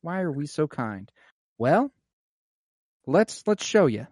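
A man's voice: fairly high pitch, very animated, slow, a little mellow, no echo, clean studio sound, voice pushed up, full character voice. Smug prison guard, sarcastic and falsely kind, as a man puts him on. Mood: mock-welcoming. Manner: mock-friendly, sarcastic.

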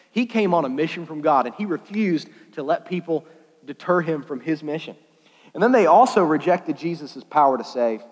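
High-voiced man preaching in a reverberant hall. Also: a little fast. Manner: casual, jokey, animated, laughs often. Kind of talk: sermon.

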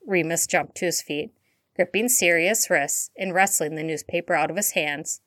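A woman reading a fan-fiction story aloud in a steady, even storytelling manner. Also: fairly low pitch, moderate pace, no room sound, studio quality. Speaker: audiobook reader.

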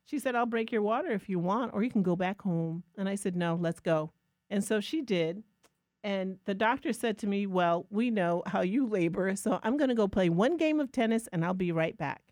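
A woman co-hosting a podcast, telling a lively personal story in a casual, self-mocking way. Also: medium pitch, normal speed, no echo, clean studio sound. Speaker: podcast co-host.

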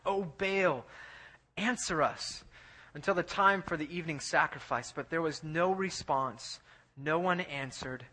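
A man preaching a sermon, retelling a scripture story with animated delivery and a husky voice. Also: on the high side. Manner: animated retelling, shouting quoted lines.

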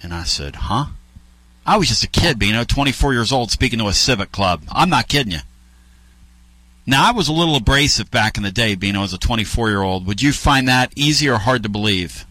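Brash male radio host, bright dry studio sound, loves a story. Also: mid-range voice, expressive, fast, no echo. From northern United States. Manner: brash, storytelling, teasing co-hosts. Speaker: radio sports talk host. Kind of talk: casual radio sports talk.

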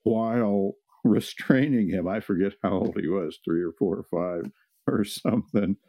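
A man's voice: on the low side, unhurried, warm tone, no echo, studio quality. A man co-hosting a parenting podcast, agreeable and rambling as he tells stories in casual conversation. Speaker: co-host, parent. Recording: slightly muffled, dull sound.

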